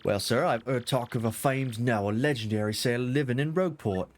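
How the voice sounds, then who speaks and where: A man voicing a gruff male sailor in a mock Cockney accent, deferential and always saying sir. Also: mid-range voice, brisk, slight background noise, natural voice. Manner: deferential, calls others sir.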